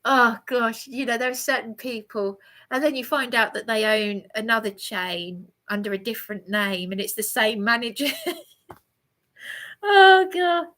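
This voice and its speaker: A woman talks to her viewers live from a hotel room. Her voice sits a little high and bright, and she rambles and stops to restart her sentences while she replies to comments. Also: fairly even intonation. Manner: halting, many restarts, answers viewer comments. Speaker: livestreamer.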